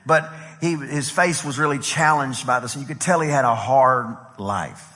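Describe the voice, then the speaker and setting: A man's voice: medium pitch, moderate pace. A man from Texas, preaching at a conference and telling a story with lots of acted-out dialogue. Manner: lively, repeats "I said" while acting out dialogue. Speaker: pastor. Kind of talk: animated conference sermon storytelling. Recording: long hall reverb.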